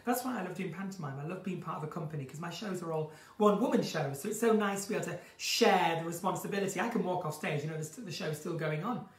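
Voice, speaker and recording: A woman's voice: on the low side, fast, few pauses. A woman chats through a casual live stream at home, reading out questions and answering with theatrical flair. She sounds a little distant from the mic, and the room gives her voice a noticeable echo. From northern England. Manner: chatty, theatrical, reads out comments and answers them. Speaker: live chat host answering viewer questions.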